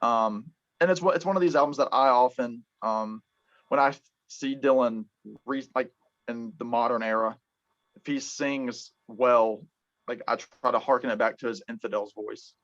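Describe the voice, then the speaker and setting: A man hosting a casual music chat, talking in halting bursts full of ums and restarts. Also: medium pitch, fairly bright tone. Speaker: podcast host. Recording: dull lo-fi sound.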